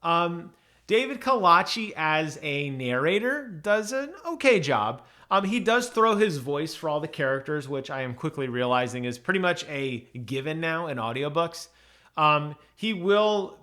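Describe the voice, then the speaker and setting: Chatty man reviewing, slightly high voice. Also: pushed and bright. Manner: chatty, many ums and restarts. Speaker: channel host reviewing audiobooks. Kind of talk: casual spoken review.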